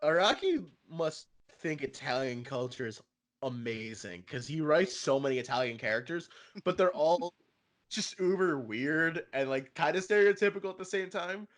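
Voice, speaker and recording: A man co-hosting a casual fan podcast, animated and profane, often laughing and putting on voices. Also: on the high side, moderate pace. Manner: animated, swearing, laughing, mimicking characters. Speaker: podcast co-host.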